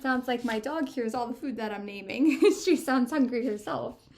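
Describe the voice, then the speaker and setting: A woman's voice: fairly high pitch, normal speed. A woman librarian reading a storybook aloud to children and talking to them directly. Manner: animated, addressing kids directly.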